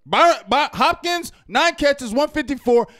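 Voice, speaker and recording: Guy with a really high voice going off about the game, loud and worked up, twang, yells sometimes. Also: lively intonation, measured pace. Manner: loud, fired-up, repetitive, yells at times. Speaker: sports reaction show host. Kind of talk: heated fan rant.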